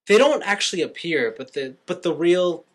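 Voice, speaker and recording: A man's voice: sits high, normal speed. A young man co-hosting a podcast, casually recapping a film and acting out the characters' lines. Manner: animated storyteller, acts out quotes. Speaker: podcast co-host.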